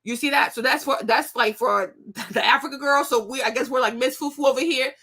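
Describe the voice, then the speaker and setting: Bright, animated woman host. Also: high-pitched, fairly quick. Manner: animated, repeats herself, laughs often. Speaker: commentary show host. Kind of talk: casual commentary to viewers.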